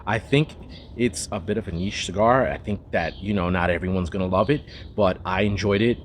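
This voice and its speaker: Brisk and low-voiced, a man hosts a cigar review in a loose, rambling monologue packed with asides and restarts. Slight background noise can be heard.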